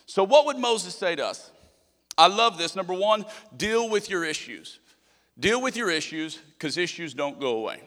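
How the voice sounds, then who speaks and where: A young man preaches with animated energy, acting out the voices in his quotes. His voice sits a little high and rings bright and forceful. The sound hangs in a long hall reverb. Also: normal speed. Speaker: pastor. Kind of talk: sermon.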